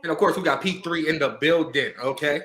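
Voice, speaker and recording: Male podcast host, quick and forceful delivery, casual slangy banter, keeps it loose. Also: a little high, echoey room. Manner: loose, joking, apologetic asides, slangy. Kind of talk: casual livestream podcast chat.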